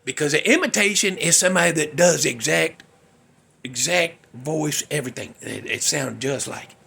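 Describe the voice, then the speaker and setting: A man chats loosely about music as a show host, drifting off and poking fun at himself. His voice is gravelly and a touch husky. It sits a little high for a man. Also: moderate pace, bright, forceful tone. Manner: rambling, self-mocking, loses his place. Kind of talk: casual chat.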